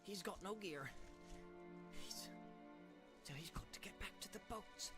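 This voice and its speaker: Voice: mid-range voice, measured pace, natural voice. A reader voicing an anxious, loyal male hobbit servant who frets aloud and talks to himself urgently. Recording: music playing underneath.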